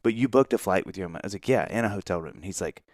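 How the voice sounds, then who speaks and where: A man co-hosting a podcast, telling a long story in an animated way, acting out the voices of the people in it and laughing often. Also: sits low, fast, no echo, studio quality. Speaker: podcast co-host. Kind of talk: casual storytelling chat.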